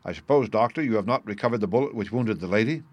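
A man reading a sharp, middle-aged male detective who explains his reasoning in a measured, assured way. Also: lowish voice, lively intonation, no echo. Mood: explaining. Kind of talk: audiobook character reading.

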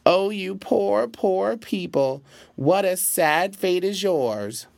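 A man's voice: medium pitch, animated, a little slow, no echo. A man voicing a sly, clever male fox who schemes with urgent, persuasive words. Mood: wailing.

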